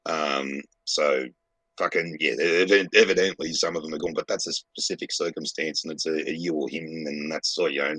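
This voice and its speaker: Profane husky Australian man, low voice. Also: steady tone, moderate pace, bright, forceful tone, no echo, rough recording. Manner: blunt, profane, rambling storyteller. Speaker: podcast co-host. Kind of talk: casual chat.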